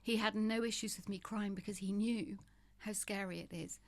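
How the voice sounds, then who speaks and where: A woman's voice: medium pitch, steady tone, normal speed. A woman in her fifties, a podcast guest, talking frankly and often laughing as she moves between humor and grief. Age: 50s. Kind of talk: candid conversational interview.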